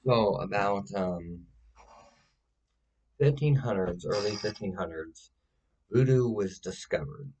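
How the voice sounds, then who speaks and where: Guy playing a rambling know-it-all witch lady, real low voice, slow, lots of ums, deadpan. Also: husky, full character voice, rough recording. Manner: rambling, hesitant with many fillers, insistent "Okay?". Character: self-styled witch woman, rambling, confidently wrong. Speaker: witch giving a tutorial. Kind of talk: deadpan comedic character monologue.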